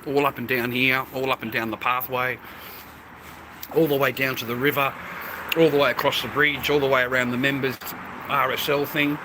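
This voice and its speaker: A man's voice: mid-range voice, little pitch movement, moderate pace, background noise. A man, rambling and swearing casually while vlogging outdoors by a food stall on a phone camera. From Australia. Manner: rambling, profane, blokey. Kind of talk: casual street vlog.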